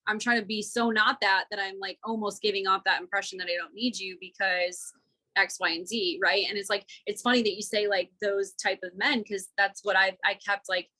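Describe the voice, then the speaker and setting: A woman guest on a podcast, speaking in a bright, clear tone. She rambles candidly, stringing thoughts together with plenty of filler words. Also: mid-range voice, fairly even intonation, brisk, rough recording. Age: adult, single mother. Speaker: guest, women's coach. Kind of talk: casual podcast conversation.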